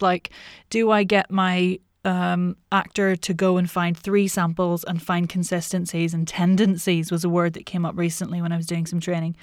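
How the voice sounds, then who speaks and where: A woman's voice: medium pitch, dry recording, studio quality. A woman guest who coaches accents, talking casually and frankly, thinking aloud as she goes. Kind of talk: casual interview talk.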